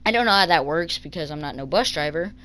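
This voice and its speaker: A teenage boy telling a story for his vlog in a halting way, with many ums and restarts. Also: on the high side, lively intonation, bright, forceful tone. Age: teens. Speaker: vlogger.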